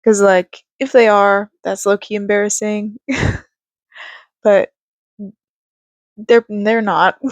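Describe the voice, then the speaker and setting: A woman's voice: mid-range voice, fairly even intonation, takes it slowly, long pauses, no room sound. A young woman talking casually to camera about life and faith, rambling with fillers and laughs, and a bit congested. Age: young adult. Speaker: vlogger. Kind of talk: casual reflective talk to camera.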